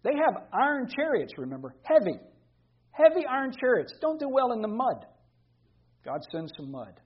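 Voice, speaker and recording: A man's voice: on the high side, slightly rough, muffled recording. A man preaching an expository sermon, reading scripture aloud and explaining it with emphatic repetition.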